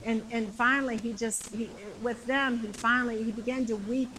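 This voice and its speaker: A woman preaching a sermon with passion, repeating phrases and shouting the climactic lines. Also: on the high side, steady tone, moderate pace, a little hiss or hum, low-quality recording.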